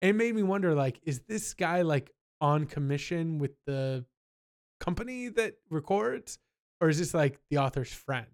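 A young man in casual podcast chat, with a smooth, clear tone and a somewhat raised pitch. He tells stories with an animated, rambling energy, slipping into quick impressions of people. The talk feels loose and friendly. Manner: animated storyteller, mimics people in quotes. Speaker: podcast co-host.

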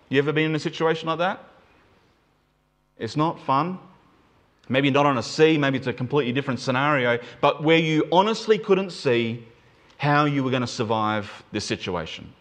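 A male preacher giving a sermon to a church in an emphatic, animated manner, slowing down and speeding up to stress points. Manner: animated, emphatic, shifts pace and pitch for emphasis.

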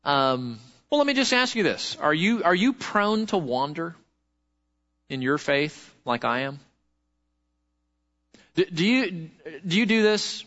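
A man preaching a sermon as pastor, lively and conversational, asking the congregation questions. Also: on the high side, slow, pauses often, lo-fi sound.

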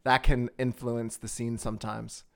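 A man's voice: medium pitch, level tone, normal speed, gravelly. A man hosting a casual interview as an improv teacher, easygoing and encouraging, laughing easily. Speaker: podcast host and improv teacher.

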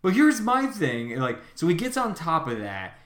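A man's voice: a little high, wildly swooping pitch, moderate pace, a bit bright. A man co-hosting a podcast, musing aloud and questioning the plot in casual chat. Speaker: podcast co-host. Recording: echoey room.

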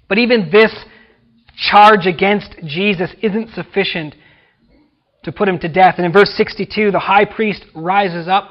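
A man's voice: sits high, dull audio. An American man preaching a sermon as pastor, dramatically acting out the voices he quotes. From United States.

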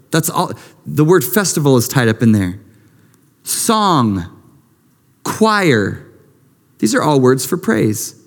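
Impassioned male pastor in a reverberant hall. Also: fairly high pitch. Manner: impassioned, swings from hushed to lifted. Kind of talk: sermon. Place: church sanctuary. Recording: long reverb of a large hall.

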